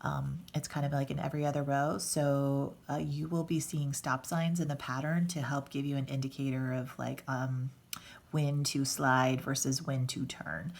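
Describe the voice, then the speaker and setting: A woman's voice: very deep voice, flat delivery, moderate pace, gravelly, a little mellow. A woman teaching a casual hands-on knitting tutorial, patient and chatty, with fillers and restarts as she explains each step. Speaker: knitting instructor.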